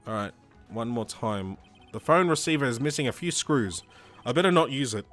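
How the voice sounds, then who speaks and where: Brief: man reading a young game attorney's quiet, worried inner monologue. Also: mid-range voice, lively intonation, moderate pace, soft background music, natural voice. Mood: wary. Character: young male defense lawyer, anxious inner voice. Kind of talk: reading game narration aloud.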